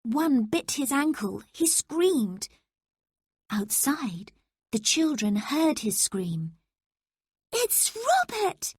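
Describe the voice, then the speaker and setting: A woman narrating a story for English learners, reading slowly and carefully. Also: fairly high pitch, lively intonation, darkish tone, no echo, clean studio sound. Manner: slow, careful, clear reading.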